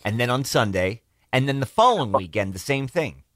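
A man's voice: mid-range voice, lively intonation, a little fast, fairly bright tone, no room sound, clean studio sound. A man hosting a morning radio show, interviewing a guest in a friendly, promotional way. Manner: friendly, promotional, laughs easily.

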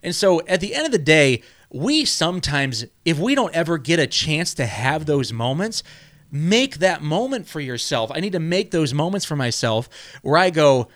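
A man's voice: on the high side, very animated, normal speed, fairly bright tone. A man in casual conversation, telling a long story with many restarts and frequent "right?" tags.

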